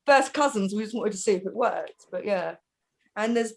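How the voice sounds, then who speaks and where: A middle-aged woman from Britain, chatting in a group and telling family stories in an animated way, laughing often. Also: medium pitch, moderate pace, creaky. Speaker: panel host. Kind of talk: casual group chat.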